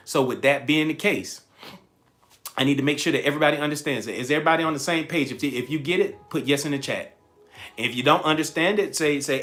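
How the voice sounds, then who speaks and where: A man's voice: mid-range voice, quick pace. A man hosting a live-streamed coaching talk, repeating key phrases and greeting viewers by name with lots of energy. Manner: energetic, repetitive, chatty with viewers. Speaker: livestream host and coach.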